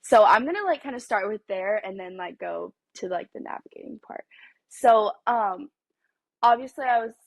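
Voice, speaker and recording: A young college-aged woman guest, telling a story in an animated way and acting out dialogue. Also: medium pitch, normal speed, no echo. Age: young adult. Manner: animated, acts out quoted dialogue, laughs often. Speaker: podcast guest. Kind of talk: storytelling in casual chat.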